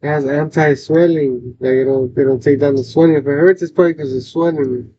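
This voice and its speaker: A man's voice: steady tone, brisk. A man in a casual chat, giving short agreeing replies and practical advice. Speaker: friend in the conversation. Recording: dull lo-fi sound from off-mic with faint rumble.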